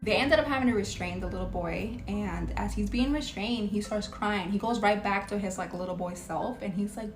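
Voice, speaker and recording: Woman, casual storyteller, chatty with fillers, middle pitch, echoey room. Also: moderate pace, few pauses, slight background noise. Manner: chatty, many filler words. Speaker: hospital registration worker telling a story. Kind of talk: casual storytelling from a social video clip.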